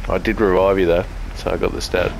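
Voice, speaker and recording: Aussie streamer, lowish voice, cheeky and profane, medic banter over heavy gunfire noise. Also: male voice, flat delivery, fast talker, gravelly. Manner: joking, swearing, banters with teammates. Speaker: streamer playing a medic in a war game. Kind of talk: casual gaming chat. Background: loud in-game gunfire and explosions.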